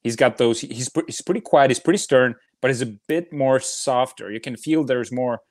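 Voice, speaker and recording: A man co-hosting a casual movie chat in a relaxed, joking way. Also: mid-range voice, moderate pace, no echo, studio quality. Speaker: co-host of a movie podcast.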